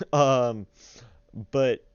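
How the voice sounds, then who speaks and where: A young man telling a story in a casual, rambling way, full of fillers and animated retellings. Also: mid-range voice, drawn-out words, clear, resonant tone, dry recording, muffled recording.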